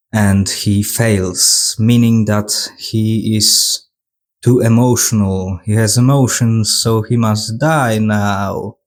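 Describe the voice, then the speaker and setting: Brief: male reviewer, casual retrospective, dry sarcasm, unhurried delivery. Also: on the low side. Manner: sarcastic plot retelling. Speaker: film reviewer.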